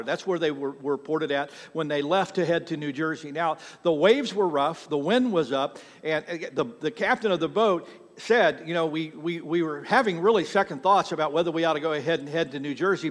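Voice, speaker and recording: A man's voice: fairly high pitch, fairly bright tone, big-room sound. A man preaching a sermon as pastor, talking conversationally to the congregation and restarting his words.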